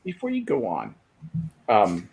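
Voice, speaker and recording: A man's voice: fairly low pitch, huge pitch swings, vocal fry, darkish tone. An older man, a grandfather, chatting as a panel guest and often restarting his sentences. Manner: halting, with many restarts. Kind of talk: casual chat.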